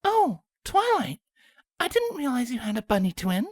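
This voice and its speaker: Woman voicing a timid young pegasus mare, soft-spoken, gentle, high. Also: moderate pace, dry recording, studio quality, exaggerated voice. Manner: soft and gentle, calmly stern when needed. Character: gentle shy young female pegasus pony.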